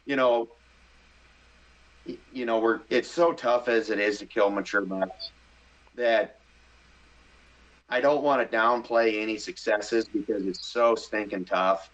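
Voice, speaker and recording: A middle-aged man from the Midwest telling a story in a casual interview, animated and excitable, acting out his own thoughts. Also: fairly low pitch, measured pace, long pauses. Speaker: hunting show host, podcast guest. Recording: slightly dull podcast audio.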